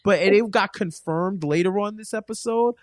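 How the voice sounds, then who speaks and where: A man co-hosting a casual TV recap show, telling the plot in an animated way and acting out the characters' lines. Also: sits high, moderate pace, dry recording, studio quality. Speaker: podcast co-host.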